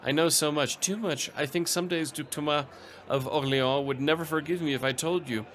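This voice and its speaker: A jittery serving woman who can't keep secrets, her voice pitched up and pleading, as a man puts her on. She blurts things out breathlessly, in a bright, slightly noisy game recording. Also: fairly even intonation, brisk, natural voice. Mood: anxious gossip. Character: gossiping nervous female servant.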